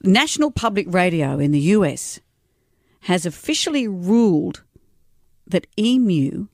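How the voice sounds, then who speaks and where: An Australian woman co-hosting a breakfast radio show, chatting with wry quick asides on a studio mic. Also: fairly low pitch, sing-song, vocal fry, no room sound. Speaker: radio co-host. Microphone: studio microphone.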